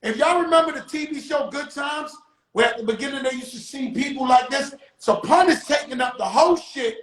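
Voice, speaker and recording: A man telling a story on his show in casual street talk, loudly acting out the quotes. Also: very high-pitched, brisk, echoey room, poor audio. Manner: animated, acts out quotes loudly. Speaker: show host.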